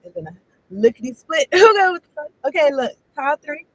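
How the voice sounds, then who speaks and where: A woman's voice: sits high, big pitch swings, fairly quick, no echo, poor audio. A woman giving a casual tarot reading, rambling and profane, laughing often as she talks. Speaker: tarot card reader.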